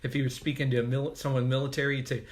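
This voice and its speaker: A man's voice: medium pitch, flat delivery, racing. A male pastor giving a casual, conversational devotional sermon with joking asides.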